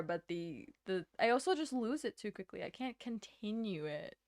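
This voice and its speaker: A woman in her twenties talks casually to her stream from a room at home, wandering from one thought to the next and poking fun at herself. She laughs easily between sentences. Her voice sits at an ordinary middle pitch, recorded close and dry with no room echo. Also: lively intonation, moderate pace, few pauses. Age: 20s. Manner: rambling and self-deprecating, laughs often. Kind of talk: casual livestream chat.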